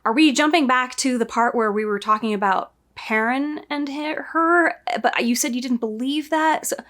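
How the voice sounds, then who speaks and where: A woman's voice: sits high, normal speed, a bit bright. A woman casually reviewing a show against the book, sarcastic and exasperated as she reacts.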